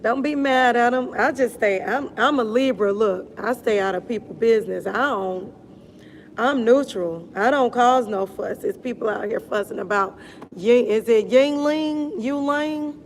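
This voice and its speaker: A middle-aged woman wellness coach chatting casually on a live stream, animated and blunt, laughing often and talking in slang. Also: fairly high pitch, moderate pace, slight background noise.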